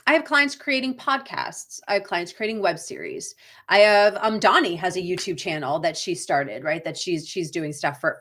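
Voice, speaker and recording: A middle-aged woman with a Boston accent, working as an acting career coach, hosts an unscripted live coaching stream. She talks shop in a loose, chatty way, reads viewer comments aloud, and keeps tagging points with a quick "right?". Her voice is a bit bright and sits at an ordinary middle pitch.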